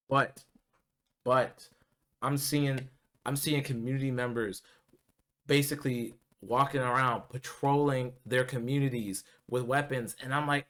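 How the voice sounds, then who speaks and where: In a mid-range, slightly bright voice with fairly even intonation, this political vlogger rants heatedly and profanely, stumbling through ums and restarts. He speaks unhurriedly, leaving long pauses.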